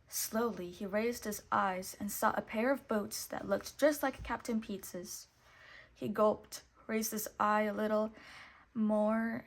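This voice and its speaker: A woman reading a picture book aloud, expressive and lively, putting on voices for the characters. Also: medium pitch. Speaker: storybook reader.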